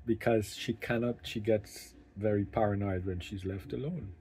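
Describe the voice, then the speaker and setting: Mellow-voiced man sharing his caregiving strain. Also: fairly low pitch, steady tone, breathy edge. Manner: emotional, halting, with many restarts. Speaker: family caregiver. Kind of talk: candid personal talk to camera.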